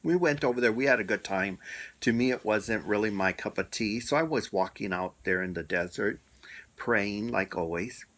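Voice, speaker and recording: A middle-aged man telling a personal story in a reflective, unhurried way, pausing often. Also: fairly low pitch, a bit bright. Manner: unhurried, reflective, with many pauses and fillers. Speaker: storyteller sharing a personal experience.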